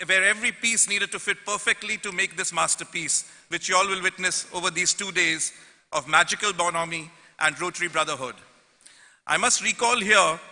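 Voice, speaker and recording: A man giving a formal prepared welcome speech at a conference, measured and addressing the audience. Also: high-pitched, sharp tone. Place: large convention hall. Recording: long reverb from a large hall.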